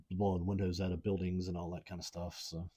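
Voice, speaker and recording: A very low-voiced man from Appalachia co-hosts a podcast in loose, rambling chat. He talks at an easy pace, hunting for words and padding his speech with fillers. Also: moderate pace, slightly rough. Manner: relaxed, rambling with many fillers. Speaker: podcast co-host. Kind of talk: casual chat.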